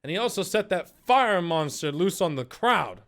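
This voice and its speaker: A man voicing a male town guard in a tabletop game, gruff and declaring. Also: sits high, big pitch swings, normal speed, fairly bright tone, pitched above the performer's own voice, heavily acted. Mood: accusing.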